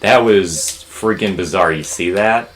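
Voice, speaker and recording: A young man with a low, deep voice talks his way through a video game. He rambles in a relaxed, chatty way, cracks jokes and breaks into loud outbursts at what happens on screen. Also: unhurried. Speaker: let's play host. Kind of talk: casual gameplay commentary.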